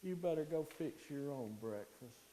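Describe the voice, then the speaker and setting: A man's voice: fairly high pitch, expressive, normal speed, dark tone, close to an everyday voice, rough recording. A man voicing a curt old woman, sick in bed. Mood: grudging.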